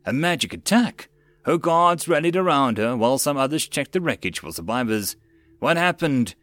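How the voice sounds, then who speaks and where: A man's voice: mid-range voice, expressive, moderate pace, a bit bright, dry recording. Man narrating an audiobook, dry sound.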